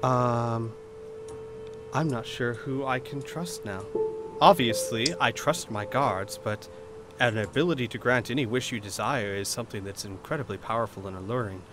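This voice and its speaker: Man doing an older woman wizard, proud, gentle, soft and measured, mid-pitched, music behind. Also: close to an everyday voice. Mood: troubled.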